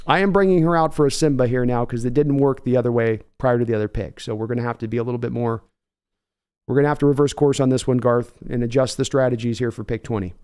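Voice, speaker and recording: A man's voice: medium pitch, fairly even intonation, fast talker, a little mellow, clean tone. A young man hosting a live reaction stream, reading out viewer donations in a rambling, self-deprecating way with frequent laughs. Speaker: livestream host.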